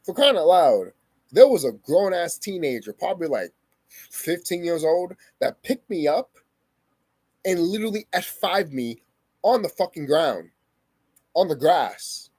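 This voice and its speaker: A man's voice: fairly high pitch, big pitch swings, a little slow, long pauses, darkish tone, husky, no echo. A young man vlogging a heated personal story, swearing often and repeating himself for emphasis. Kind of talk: emotional personal storytelling to camera.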